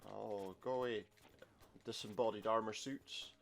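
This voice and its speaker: A man's voice: lowish voice, steady tone, unhurried, vocal fry, fairly bright tone. A man commenting casually on a retro game he plays, with wry jokes and muttered asides. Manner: wry, jokey asides, muttered under breath. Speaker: gameplay commentator. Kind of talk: casual let's-play commentary. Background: game music.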